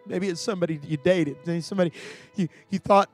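High-voiced preacher. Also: male voice, steady tone, fast, soft background music. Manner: storytelling, swings from hushed to shouting; repeats words as he builds. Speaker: pastor. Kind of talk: sermon.

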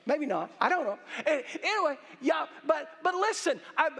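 A man preaching a sermon, emphatic, with halting restarts and drawn-out stresses on key words. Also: very high voice, sing-song, creaky, pushed and bright. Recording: reverberant hall.

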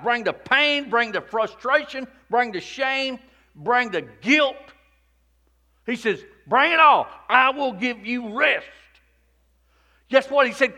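A man delivering a sermon in a high-pitched, bright and forceful voice. He preaches in a repetitive cadence. He climbs to shouted peaks and sinks to hushed near-whispers. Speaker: pastor.

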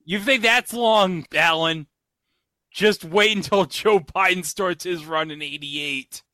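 Podcast guy cracking jokes, really bright voice, dry close sound. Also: high voice, slow pace, no room sound. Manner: joking, trails off quietly. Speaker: podcast co-host. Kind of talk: casual chat.

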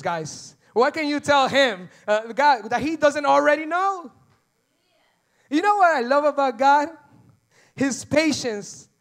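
A man preaching a sermon, animated, acting out little dialogues with God and repeating phrases for emphasis. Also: very high voice. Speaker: pastor.

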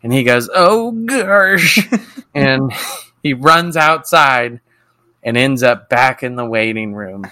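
A man's voice: medium pitch, steady tone, measured pace, bright, forceful tone, clear, resonant tone, no room sound. A man co-hosting a podcast, casually recapping a TV episode, swearing freely and acting out the characters' lines. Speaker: podcast co-host.

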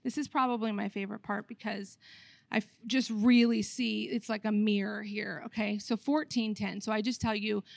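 A woman pastor preaching a sermon, telling the story with animated acted-out voices of the people. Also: mid-range voice, moderate pace, gravelly, no room sound.

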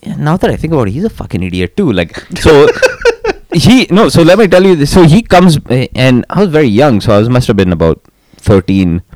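A man's voice: medium pitch, very animated, fairly quick, darkish tone, dry recording. A young man in a casual podcast chat, self-mocking and laughing often, swearing freely.

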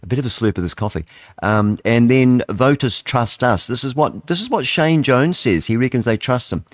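A man, hosting talk radio in a chatty, rambling way, reading headlines aloud and thinking out loud. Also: mid-range voice, lively intonation, normal speed, dry recording, studio quality. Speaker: radio host. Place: radio studio.

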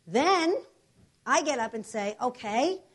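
Healing testimonies fill this woman's sermon, told with emphatic, animated storytelling and declarations she repeats. Her voice is a little high and moves at normal speed.

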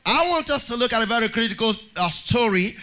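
A man preaching to his congregation in a high, sing-song cadence, pressing listeners for amens. His voice is bright and forceful, with soft music faintly underneath. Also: lively intonation, brisk. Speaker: pastor. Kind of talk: sermon.

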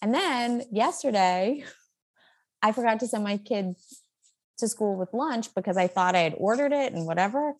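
A woman's voice: on the high side, animated, normal speed, a little mellow. A woman in her thirties, a guest in a casual interview, talking in an upbeat, chatty way full of fillers and laughter. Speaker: guest, social media creator.

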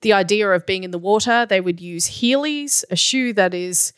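A woman's voice: medium pitch, normal speed, smooth, no room sound. A woman co-hosting a podcast, chatting enthusiastically and laughing often. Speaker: podcast co-host. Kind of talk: casual chat about musical theatre.

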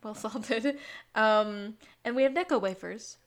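A woman's voice: a little high, a little slow. A woman co-hosting a podcast, chatting casually about a TV episode and laughing often. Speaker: podcast co-host. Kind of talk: casual recap chat.

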